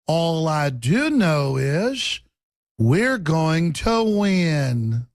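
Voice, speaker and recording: Brief: male performer's mock woman politician, gravelly under the calm, slow and hushed. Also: on the high side, no room sound, studio quality, exaggerated voice. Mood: sedate. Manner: very slow, calm, soothing delivery. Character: sedate, soothing woman politician impression.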